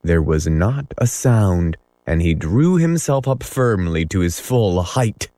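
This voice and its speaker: A man narrating a classic story as an audiobook, measured and dramatic. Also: low-pitched, animated, warm tone, no echo. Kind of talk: audiobook reading.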